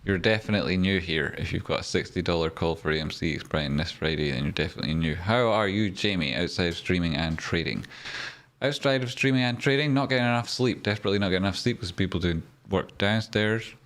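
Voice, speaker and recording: A Scottish man with a very low voice hosts a relaxed trading livestream. He banters and teases, reading comments aloud in an easygoing, joking way. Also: quick pace, few pauses. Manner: chatty and joking, reads viewer comments aloud. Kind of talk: casual live-stream chat.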